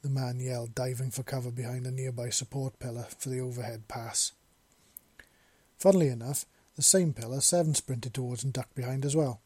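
Brief: male storyteller, dark husky voice, dry close sound. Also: mid-range voice, a little fast, no echo. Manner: plain steady reading with small slips. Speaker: narrator. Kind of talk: reading fan fiction aloud.

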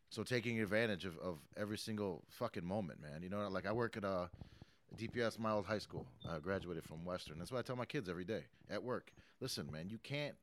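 A man's voice: sits low, a little hiss or hum. A man in his late thirties, a hip-hop artist giving an interview, talking casually with lots of swearing and fillers. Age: 30s. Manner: profane, emphatic, rambling motivational.

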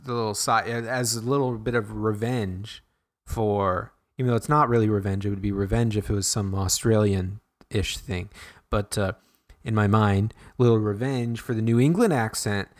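A man's voice: lowish voice, fairly even intonation, normal speed. A man co-hosting a podcast, rambling in casual chat, restarting sentences often. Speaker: podcast co-host.

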